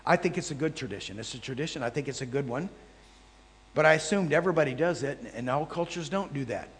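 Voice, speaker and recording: A man teaching a live audience as a traveling Bible teacher, telling animated anecdotes with jokey asides to the crowd. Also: on the high side, quick pace. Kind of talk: storytelling sermon. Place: large hall before a live audience. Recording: long hall reverb.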